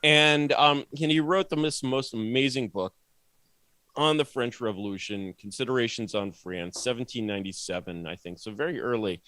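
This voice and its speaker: A man talking as a podcast guest, rambling and sardonic, with many restarts and animated asides. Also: medium pitch, dry recording. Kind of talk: casual podcast conversation.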